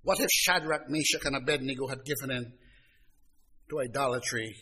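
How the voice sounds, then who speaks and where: A man preaching a sermon who acts out the words of Bible figures and swings from hushed, intimate passages to loud, rising ones, calling his listeners beloved. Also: mid-range voice, fairly quick, breathy edge.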